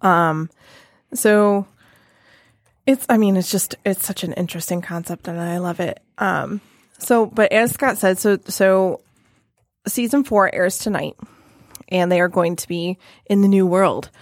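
Clean studio sound with no room tone carries a podcast co-host's fairly low, slightly slow voice. She rambles through casual chat, full of fillers and false starts.

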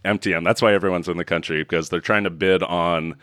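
A man co-hosting a casual chat about a movie, sarcastic and quick to laugh. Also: sits low, dry recording. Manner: animated, laughs often, sarcastic. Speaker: podcast co-host.

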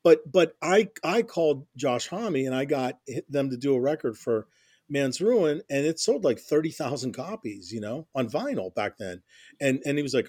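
A man's voice: medium pitch, big pitch swings, fairly quick, a little mellow, no room sound, studio quality. A middle-aged man telling stories in a casual interview, rambling with many restarts and constant "you know"s. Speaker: interview guest, music journalist.

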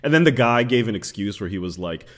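A man's voice: on the low side, animated, fast. A man co-hosting a podcast, talking bluntly and animatedly with plenty of swearing. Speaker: podcast co-host. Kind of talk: casual chat.

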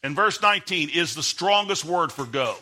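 A middle-aged man preaching as a guest pastor, emphatic and building to sudden shouts, reading scripture in old King James wording. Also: on the high side, expressive, moderate pace. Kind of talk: Baptist sermon.

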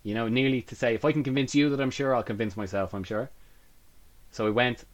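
A man's voice: medium pitch, quick pace, highs cut off. A young man in his twenties, a podcast guest chatting casually and acting out the quotes in his stories. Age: 20s. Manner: lively storyteller, acts out quotes. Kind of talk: casual chat.

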